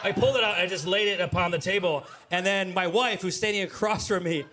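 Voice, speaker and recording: A man in his forties tells a long stand-up story into a handheld mic on a live stage. His voice sits a bit high for a man, and he stays animated throughout. He jumps into loud acted-out moments. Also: quick pace. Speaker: stand-up comedian.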